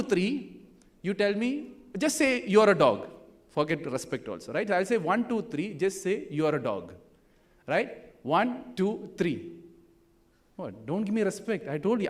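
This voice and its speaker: High-voiced Indian man prodding a crowd. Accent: Indian English. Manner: direct, provocative, quizzes the audience with repeated questions. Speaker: motivational speaker. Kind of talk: interactive motivational talk to a live audience.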